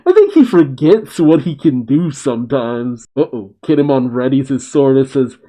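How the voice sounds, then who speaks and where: A man's voice: mid-range voice, big pitch swings, moderate pace, few pauses, dark tone, rough recording. A man casually reading a manga chapter aloud and reacting, chuckling as he goes. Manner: casual, chuckling, narrates character actions.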